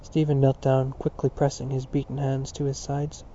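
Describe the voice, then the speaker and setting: A man narrating a literary audiobook in a steady, sober reading voice, on a dull lo-fi recording. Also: mid-range voice, moderate pace, a little hiss or hum.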